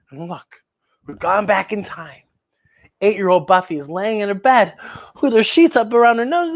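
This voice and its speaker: Animated woman reading to kids. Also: mid-range voice. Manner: animated, chatty asides. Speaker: children's story host. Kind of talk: reading a picture book aloud to kids.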